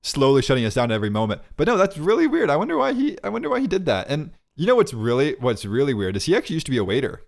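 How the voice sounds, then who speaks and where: A man's voice: on the high side, wildly swooping pitch, very fast, creaky, few pauses. Joking, rambling young man podcasting. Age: 20s. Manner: joking, rambling bits with frequent laughs. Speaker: podcast co-host. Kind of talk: casual chat.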